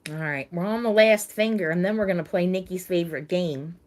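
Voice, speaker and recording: A middle-aged woman hosting a casual live chat with her viewers, talking in a halting way and repeating words as she gets emotional. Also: on the low side. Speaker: livestream host.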